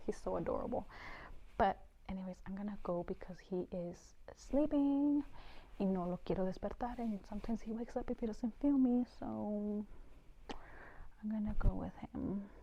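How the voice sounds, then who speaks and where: An earnest young woman talks straight to her viewers in a casual home vlog. Her voice sits at a middling pitch, and she keeps the talk chatty and loose. The sound comes through a little dull and lo-fi. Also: moderate pace. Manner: earnest and chatty, full of fillers like "you know". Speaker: vlogger.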